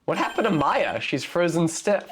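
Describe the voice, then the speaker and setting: A woman's voice: on the low side, very animated, normal speed, slight background noise. A woman reading a dry, exasperated young male lawyer.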